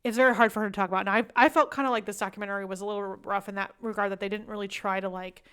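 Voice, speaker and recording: A woman co-hosting a podcast in casual chat, animated and filler-heavy, swearing casually. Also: medium pitch, very fast, clean tone. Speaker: podcast co-host.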